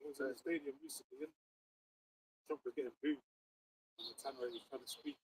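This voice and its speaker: A man's voice: medium pitch, steady tone, brisk, breathy edge, dry recording, rough recording. A man who chats casually and reads out archaic scripture with emphasis. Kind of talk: casual chat and scripture reading.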